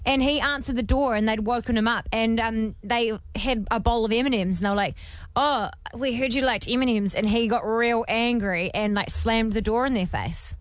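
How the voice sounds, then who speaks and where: A New woman co-hosting breakfast radio, chatty and quick to react. Her voice sits a bit high, and the studio sound is dry and close. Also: fairly even intonation, clean tone, no echo. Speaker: radio co-host.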